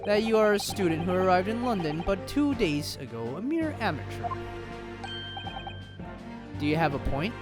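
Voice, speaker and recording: A man voicing a haughty, cold British male prosecutor who speaks in a slow, disdainful, clipped way. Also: high voice, sing-song. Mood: sneering. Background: game music.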